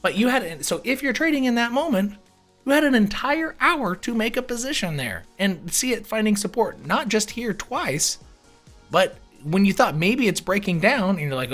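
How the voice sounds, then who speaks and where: A man giving casual screen-share commentary on crypto charts, animated and wry, with mock-panicked asides and casual swearing. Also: high voice, moderate pace, faint music behind.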